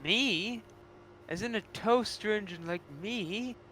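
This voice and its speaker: A man's voice: sits high, slow, bright, forceful tone, exaggerated voice. A man voicing an earnest, caring male engine. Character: calm male toaster engine, Bill.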